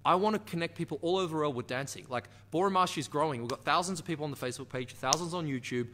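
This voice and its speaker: A man with an Australian accent, a dance teacher and channel host, giving an energetic, emphatic motivational talk to camera. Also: on the high side, racing, noisy background. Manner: energetic, emphatic, laughs and acts out inner voices.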